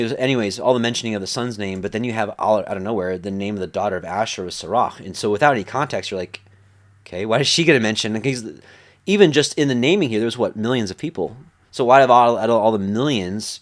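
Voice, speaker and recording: A man leading a Bible study in a casual, conversational way, full of fillers and acted-out quotes. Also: fairly low pitch. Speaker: Bible teacher.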